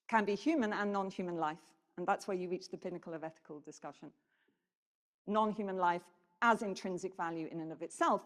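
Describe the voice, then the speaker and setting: A woman giving a conference presentation, animated and putting questions to the audience. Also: fairly high pitch. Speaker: keynote speaker. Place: conference hall. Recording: reverberant hall.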